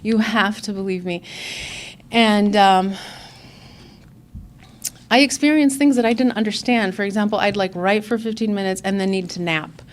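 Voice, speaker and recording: A woman's voice: mid-range voice, normal speed, long pauses, a little hiss or hum. A woman from the Chicago area, giving a candid personal testimony as a conference speaker and acting out remembered conversations. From Chicago area, USA. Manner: earnest and candid, acts out quoted dialogue. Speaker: conference speaker sharing her recovery story.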